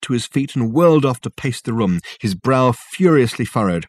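A man narrating an audiobook in a measured, wry storytelling manner. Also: mid-range voice, lively intonation, husky, dry recording. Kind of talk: scripted narration.

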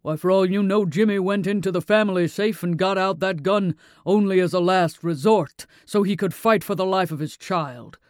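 A pushy, needling judge, put on by a man reading the story, pressing his questions in a raised, slightly higher voice. The sound is close and dry, with a smooth, clear tone. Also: moderate pace, hardly any pauses, dry recording, lightly acted. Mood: insistent. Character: pushy male judge cross-examining a police officer.

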